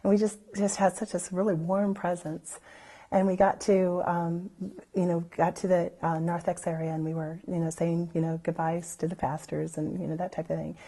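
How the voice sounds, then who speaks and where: Warm-voiced woman telling her church story. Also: on the low side, moderate pace. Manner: rambling, heavy on "you know" fillers; lively when recalling others' words. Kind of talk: unscripted personal storytelling.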